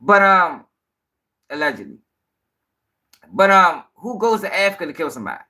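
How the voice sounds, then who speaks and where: A man's voice: high voice, sing-song, moderate pace, bright, forceful tone. A man hosting a live-stream news show, ranting in casual, profane, rambling talk and sounding tired.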